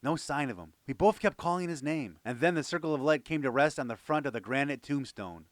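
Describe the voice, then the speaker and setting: A man narrates an audiobook expressively, like a storyteller. His voice is on the high side and a little fast, with no room sound.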